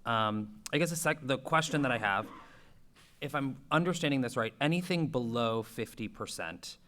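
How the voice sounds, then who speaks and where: A man's voice: medium pitch, lively intonation, moderate pace, a bit bright. A man on a school committee asking questions at a public meeting, speaking casually and hedging often. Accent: Boston.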